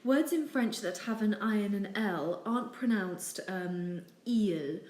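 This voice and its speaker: A woman's voice: mid-range voice, a little slow. Woman teaching, echoey room. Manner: steady, patient, with frequent ums. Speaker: French teacher. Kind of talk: explaining over slides. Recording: echoey room with faint noise.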